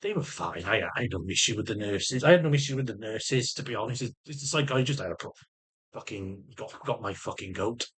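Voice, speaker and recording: A man's voice: on the low side, expressive, brisk, a bit bright, husky. A man in a casual video diary, rambling emotionally, swearing heavily and stammering through restarts. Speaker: vlogger.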